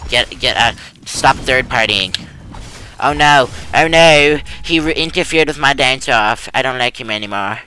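A man's voice: mid-range voice, unhurried, bright, forceful tone, clean tone. Goofy young man narrating his gameplay. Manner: goofy, rambling, silly running jokes. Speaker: gaming youtuber. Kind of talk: casual gameplay commentary.

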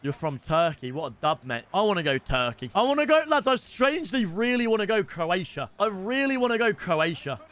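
A young British man streaming a football game, chatting with viewers and swearing in loud outbursts. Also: high voice, sing-song, brisk, hardly any pauses. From Britain. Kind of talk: casual game stream chat.

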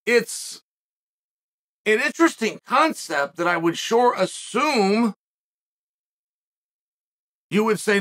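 A man's voice: high voice, expressive, slow pace, long pauses, fairly bright tone. A middle-aged man hosting a podcast, delivering a reflective commentary monologue full of rhetorical questions and restarts. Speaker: podcast host.

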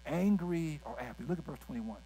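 Guy pastor preaching, kinda high voice, folksy asides, faint hum underneath. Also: a little fast, low-quality recording. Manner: animated preaching with folksy asides and call-outs to the congregation. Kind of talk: sermon.

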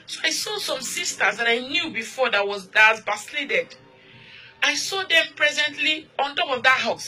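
A woman's voice: mid-range voice, pushed and bright, slight background noise, poor audio. A woman recounting a dream of the end times as an earnest, repetitive testimony, pleading with her listeners. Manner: pleading exhortation.

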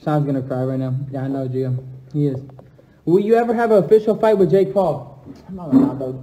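A young man talks on a livestream in an echoey, empty house. His voice sits fairly high but sounds dark and mellow. He moves from low, subdued chat to loud, hyped trash talk. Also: brisk. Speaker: livestream host answering fans. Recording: echoey room.

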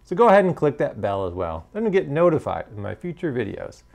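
A man's voice: medium pitch, very animated, fast talker, gravelly. A man hosting a homebrewing channel, casually reviewing his beers in a hesitant, hedging way, full of fillers.

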